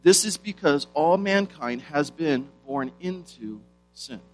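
Male preacher, slightly high pitch, emphatic and questioning delivery, faint guitar underneath. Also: lively intonation, rough recording. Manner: emphatic, rhetorical questions, slows for stress. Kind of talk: sermon.

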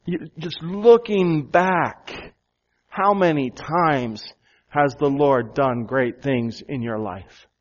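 A pastor preaches to his congregation, building each point with repeated phrases and rhetorical questions. His voice sits a little high for a man and he takes his time. The recording is dull and lo-fi. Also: slow. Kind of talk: sermon. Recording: dull, lo-fi sound.

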